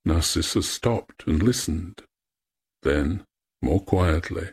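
A man reading an old myth aloud as storyteller, in a measured, poetic way. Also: sits low, animated, slightly rough.

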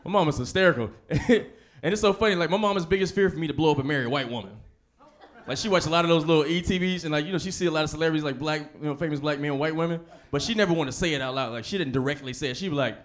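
A young man performing a stand-up comedy set, telling stories in an animated way. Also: on the high side, rapid-fire. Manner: animated storytelling, laughs between lines.

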